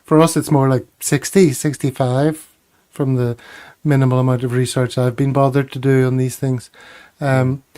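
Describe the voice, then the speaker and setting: A man's voice: mid-range voice, little pitch movement, normal speed, few pauses, dark tone, clear, resonant tone. A man hosting a casual chat, joking and laughing at his own jokes. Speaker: podcast host.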